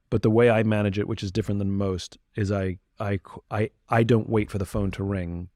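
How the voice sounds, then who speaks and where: A man's voice: lowish voice, darkish tone, no echo, clean studio sound. A man speaking as a podcast guest, talking earnestly and reflectively with frequent restarts. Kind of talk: candid conversation.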